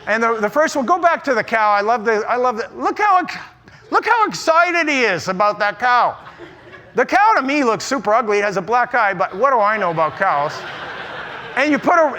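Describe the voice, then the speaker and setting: A man preaching in a large church auditorium, his voice sitting high and ringing bright. He delivers an energetic conference sermon with humor and punchy emphasis, doubling back on words as he goes. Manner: humorous, emphatic, often repeats words and restarts. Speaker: pastor speaking at a church conference.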